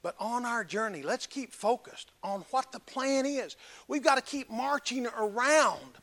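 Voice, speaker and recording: High, bright-voiced male preacher. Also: lively intonation, a little slow. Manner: emphatic, swinging from loud exhortation to hushed earnest tones. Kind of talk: sermon.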